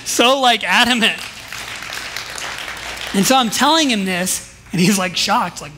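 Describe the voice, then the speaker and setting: A man preaching a sermon in a church service, telling stories emphatically and swinging between soft asides and loud declarations. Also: high-pitched, moderate pace. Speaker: pastor.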